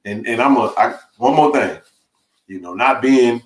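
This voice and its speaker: A middle-aged man, telling a rambling, animated story on a live stream, full of restarts and laughs. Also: mid-range voice, moderate pace. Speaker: live-stream sports chat host. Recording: roomy echo.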